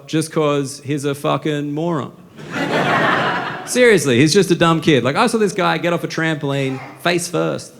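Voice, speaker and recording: An Australian man doing a stand-up set, telling stories in a brash, profane, deadpan way. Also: on the high side. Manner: brash, profane, deadpan storytelling with quick asides. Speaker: stand-up comedian. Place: comedy stage with live audience laughing. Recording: live show with audience noise.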